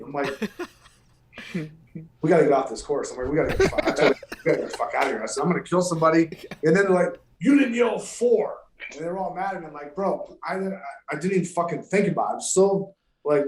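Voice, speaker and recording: A man telling stories in casual podcast chat, swearing freely and animated. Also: on the high side, roomy sound, poor audio. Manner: profane, animated storytelling. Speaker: pro golfer guest.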